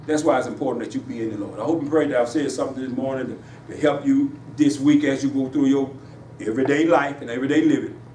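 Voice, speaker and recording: A man preaching a sermon in a church, with emphatic call-and-response delivery that rises in pitch on his punchlines. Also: fairly even intonation, fast talker, dark tone, recorded from a distance. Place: church sanctuary. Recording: echoey church room, voice from afar, faint hiss.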